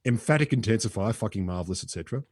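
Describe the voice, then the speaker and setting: Australian man, podcast co-host, dark mellow tone, wry delivery, dry close mic. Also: lowish voice, lively intonation, rapid-fire, slightly rough, no room sound. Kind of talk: casual science chat.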